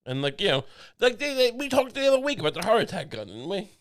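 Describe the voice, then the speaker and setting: A man's voice: high-pitched, very animated, fast. A young man co-hosting a comedy podcast, joking and rambling with lots of restarts. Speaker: podcast co-host. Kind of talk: casual comedic chat.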